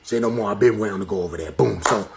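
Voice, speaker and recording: A man's voice: racing, vocal fry, slight background noise. A man telling comic true-story tales, acting out each quoted line with big jumps in his voice. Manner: animated, acts out quotes with big pitch jumps.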